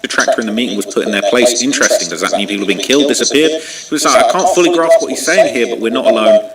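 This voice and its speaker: A man's voice: medium pitch, racing, reverberant, far from the mic, a little hiss or hum, low-quality recording. A man hosting a show, reacting to clips in emphatic casual commentary with rhetorical questions. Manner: emphatic, repeats points, asks rhetorical questions.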